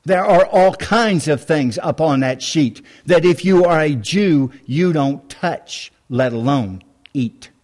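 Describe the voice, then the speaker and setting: Slow, emphatic preacher man. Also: a little high. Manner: slow, emphatic, folksy retelling with rhetorical questions. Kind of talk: sermon.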